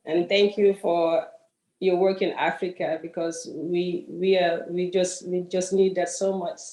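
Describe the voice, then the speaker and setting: A woman's voice: on the low side, little pitch movement, measured pace, dark tone. A woman from Gambia shares her story in a grateful, hesitant way, frequently restarting her sentences. Her voice comes through a video call with a noticeably echoey room around her. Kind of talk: personal story in a group session.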